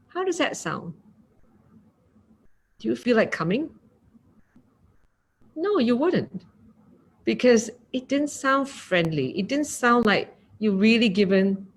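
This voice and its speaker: Singaporean lady doing a calm mindfulness talk, slow, acts out little example lines. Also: a little high. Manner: gentle, unhurried, acts out example phrasings. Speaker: meditation teacher.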